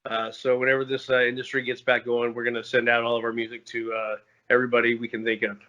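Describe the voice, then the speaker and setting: A man's voice: medium pitch, monotone, fast, bright, forceful tone, muffled recording. A man in his forties, a guest musician talking casually and unhurriedly on a remote call, with frequent "uh" fillers. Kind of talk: casual interview talk.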